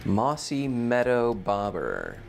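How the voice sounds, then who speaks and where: A man's voice: medium pitch, wildly swooping pitch, slow, gravelly, soft background music. A man hosting a casual gameplay livestream, rambling and thinking aloud, often correcting himself mid-sentence. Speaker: streamer, game host.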